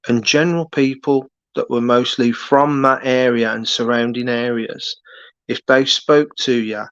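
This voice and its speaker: A man with a Birmingham accent drifts through casual late-night live-stream chat at an unhurried crawl. He rambles, pauses and fills the gaps. His voice is gravelly, and the recording sounds dull and lo-fi. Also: medium pitch, fairly even intonation, a bit bright, dry recording. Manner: slow, rambling, halting with many fillers.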